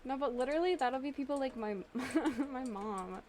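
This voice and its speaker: A woman's voice: sits high, normal speed, darkish tone, slight background noise. A young woman from the US Midwest chatting casually and giggling with viewers on a live stream. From Illinois, US Midwest.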